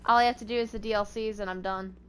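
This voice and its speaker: A woman's voice: mid-range voice, fairly even intonation, quick pace, a bit bright, clean tone. A woman streaming a game, chatting playfully with her chat and co-players.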